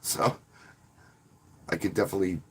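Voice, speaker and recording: A man's voice: low voice, fairly even intonation, normal speed, breathy edge. A man who works as a wedding DJ, casually talking to viewers on a live stream in a rambling, friendly way and often restarting his words. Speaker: wedding DJ and channel host.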